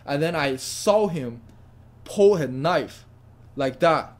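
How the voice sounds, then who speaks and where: A young man telling a story to camera in a lively, stammering way, often repeating words as he goes. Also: fairly high pitch, unhurried. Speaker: vlogger. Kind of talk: casual spoken story to camera.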